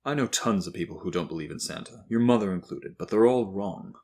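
A man voicing a calm, reassuring father who talks to his son in a steady, confiding way. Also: low-pitched, brisk.

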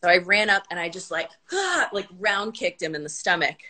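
A woman guest tells stories casually over a video call. Her voice is bright and sharp, and she jumps into other people's voices as she quotes them. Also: fairly low pitch, a little fast. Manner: lively anecdote-telling with quoted voices. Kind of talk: casual chat.

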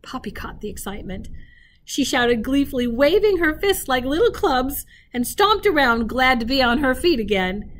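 A woman teacher reading a children's novel aloud expressively, pausing to speak directly to her listeners. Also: high voice, slight background noise. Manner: expressive, pauses to talk to listeners.

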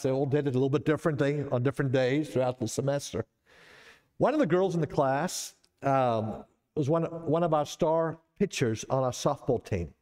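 A man, a college counseling professor, giving a conversational seminar talk, telling stories with lively pitch swings and casual asides. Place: church seminar.

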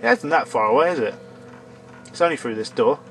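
A man's voice: medium pitch, big pitch swings, fairly quick, a bit bright, soft background music. A man commentating a horror game, sarcastic and shrieking when startled. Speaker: let's play gamer.

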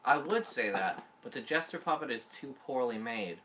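A man's voice: mid-range voice, animated, normal speed, bright, forceful tone, poor audio. A man chatting casually as co-host, making dry, wry remarks. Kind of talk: casual chat.

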